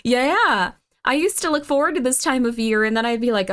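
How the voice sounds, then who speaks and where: A woman streaming live, chatting casually and rambling, reacting to chat with sudden high squeals and wide swings in pitch. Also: animated, brisk, hardly any pauses, fairly bright tone.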